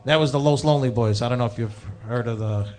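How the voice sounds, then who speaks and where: Brief: man, mid-pitch, fast chatty band guest, lots of ums. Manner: relaxed, chatty, filler-heavy. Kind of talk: casual interview storytelling.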